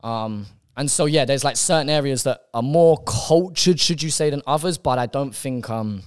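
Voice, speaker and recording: A man's voice: medium pitch, moderate pace, clean tone. A man with a London accent, a podcast guest in casual chat, chatty and full of repeated words. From England. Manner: chatty, repeats words, says "like" and "you know" a lot.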